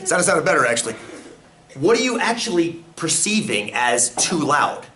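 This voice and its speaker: A man teaching a statistics class, animated and full of questions for his students. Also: on the high side, moderate pace, a crowd in the background. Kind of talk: classroom lecture. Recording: roomy, from far off, faint room noise.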